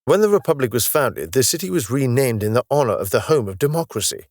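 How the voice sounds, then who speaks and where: A man voicing a calm, knowledgeable male space officer from the far future who patiently explains his world with a wry touch. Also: medium pitch, quick pace, dry recording, studio quality, voice pushed up. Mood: explaining.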